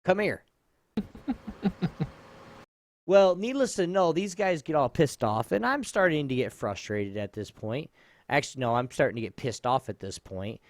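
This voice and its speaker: A man's voice: medium pitch, moderate pace, long pauses, dry recording. A man in his thirties co-hosting a casual comedy podcast, telling a story with plenty of swearing and laughter. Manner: animated storytelling, swears freely, laughs often. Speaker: podcast co-host.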